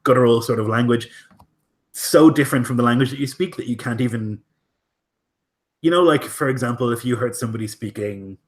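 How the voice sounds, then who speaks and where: A man narrating as game master in a tabletop game, casual and full of hesitant fillers. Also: medium pitch.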